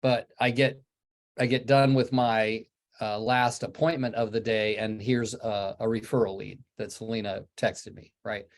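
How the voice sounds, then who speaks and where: A man's voice: on the low side, flat delivery, measured pace. A man hosting a coaching call, talking in an easygoing, rambling, upbeat way. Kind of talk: casual coaching talk.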